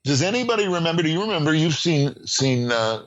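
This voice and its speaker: A man's voice: on the high side, brisk, highs cut off. Older man telling emphatic stories. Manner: animated storyteller, emphatic, frequent fillers and restarts. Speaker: screenwriting professor guest. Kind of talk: podcast interview.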